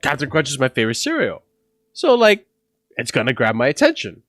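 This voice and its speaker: A man's voice: medium pitch, fast talker, no room sound, studio quality, soft background music. A man casually telling a story on a livestream, rambling and profane, full of "bro" and "like". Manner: animated, laughing through the story.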